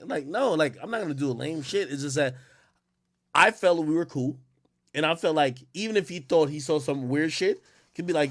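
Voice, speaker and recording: A man hosting a casual livestream, telling stories in a rambling, animated way with many fillers. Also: on the high side, normal speed. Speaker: livestream host.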